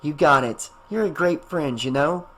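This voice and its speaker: A man voicing a busy single mother with a hurried, mildly worried delivery. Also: fairly high pitch, a bit bright, poor audio.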